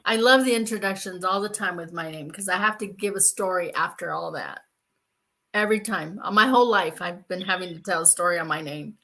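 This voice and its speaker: A woman's voice: lowish voice, brisk, pushed and bright. A woman chatting as a guest on an online show, upbeat and giggly, over a video call. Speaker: guest medium. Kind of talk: casual chat.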